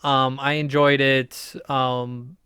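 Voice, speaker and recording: A man co-hosting a casual TV review podcast who laughs often and acts out characters' lines in quick little voices. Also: medium pitch, flat delivery, bright, forceful tone, smooth, no room sound, clean studio sound. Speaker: podcast co-host.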